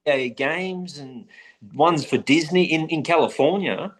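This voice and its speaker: A man hosting a casual interview who rambles, stumbles and jokes at his own expense. His voice sits a bit higher than most men's. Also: unhurried. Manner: rambling, self-deprecating, stumbles over words.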